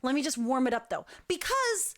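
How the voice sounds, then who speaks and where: A young woman hosting a talk show, telling a long story in a chatty, animated way and acting out what people said. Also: sits high, normal speed. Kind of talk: casual storytelling.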